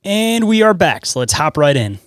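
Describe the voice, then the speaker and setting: A man hosting a podcast and asking questions in a relaxed, casual way, with many fillers. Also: fairly high pitch, normal speed, clean tone, dry recording. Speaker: podcast host. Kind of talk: casual interview.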